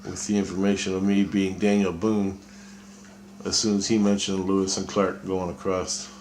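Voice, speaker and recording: A deep, low-pitched man telling a long personal story to camera. He talks loosely and profanely, often trails off mid-thought, and is backed by a faint ambient hum. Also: flat delivery, normal speed, darkish tone, roomy sound. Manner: casual, profane, trailing off with fillers. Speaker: vlogger. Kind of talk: rambling personal monologue.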